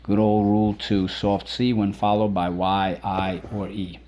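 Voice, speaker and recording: Lively man teaching a spelling lesson. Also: on the low side, measured pace. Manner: lively, repeats words and sounds out syllables.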